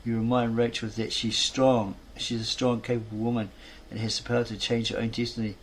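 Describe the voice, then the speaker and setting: A man narrates a fan story in a rambling way, often stopping to restate his words. His pitch stays flat and his voice sits around the middle for a man. A faint hiss runs underneath. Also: a little fast. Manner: rambling, self-correcting. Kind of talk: reading a fan story aloud.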